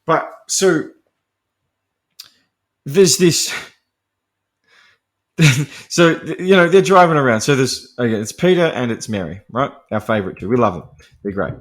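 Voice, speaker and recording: A man's voice: medium pitch, lively intonation, a little slow, long pauses. Guy rambling about a horror movie on his podcast, swears a lot, laughs a lot, casual. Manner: chatty and profane, laughing often; digressive, full of fillers and restarts. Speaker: podcast host. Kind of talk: casual film review monologue.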